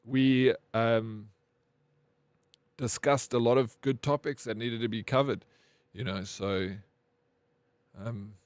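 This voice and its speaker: A man's voice: medium pitch, steady tone, slow, pauses often, dry recording. A man, streaming and chatting casually with viewers, rambling with lots of "bro" and casual swearing. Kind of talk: casual stream chat, reading chat aloud.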